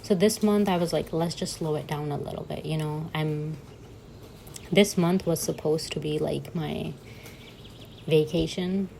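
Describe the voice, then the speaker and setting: Chatty low-voiced woman, gravelly edge. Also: fairly even intonation, unhurried, darkish tone, a little hiss or hum, rough recording. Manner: chatty and giggly, self-mocking asides. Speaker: bullet journal vlogger. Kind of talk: casual voice-over chat while journaling.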